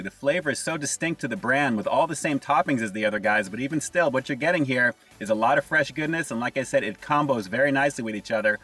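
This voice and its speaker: A man casually reviewing fast food on his vlog, upbeat and full of catchphrases, talking to viewers as "guys". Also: medium pitch, pushed and bright, breathy edge, far from the mic.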